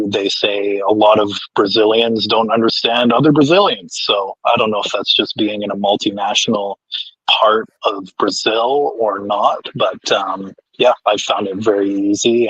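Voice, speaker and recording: A man from Canada, a guest in a casual interview, talking in a relaxed, loose way with lots of fillers. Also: on the low side, husky, no room sound, dull audio.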